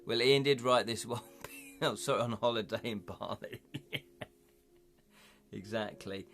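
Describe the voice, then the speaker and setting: A man's voice: on the low side, measured pace, fairly bright tone. A man hosting a live stream, reading a gamebook aloud and chatting with viewers, laughing often. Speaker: livestream host reading a gamebook.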